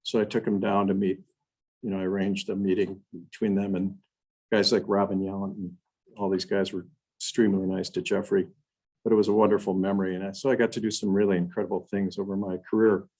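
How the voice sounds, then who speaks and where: An older man with a low, husky voice tells folksy stories to a club meeting. He quotes the mentors who shaped him in their own words and restarts his sentences often. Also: level tone, a little fast, a little mellow, poor audio. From Wisconsin. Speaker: guest speaker. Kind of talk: storytelling talk to a club meeting. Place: meeting room.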